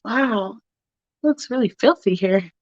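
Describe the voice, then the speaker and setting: A woman's voice: medium pitch, animated, slow pace, no echo. Woman doing a gushing young city visitor. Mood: excited. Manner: gushing, chatty. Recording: dull lo-fi dry recording.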